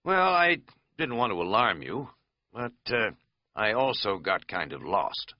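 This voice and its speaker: A man's voice: fairly low pitch, big pitch swings, measured pace, dry recording, highs cut off. A man voicing a rambling, folksy middle-aged American man who talks in a chatty, self-mocking drawl.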